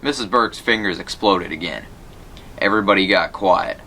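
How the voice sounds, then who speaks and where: A man's voice: sits low, normal speed, sharp tone. A man reading a children's novel aloud, telling the story plainly and voicing the characters lightly. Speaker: reader.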